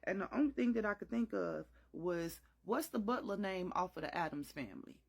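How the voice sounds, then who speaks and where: Young woman telling a story, super lively voice, dramatic and slangy, bit husky. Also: on the low side, a little fast. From Chicago. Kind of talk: storytime vlog.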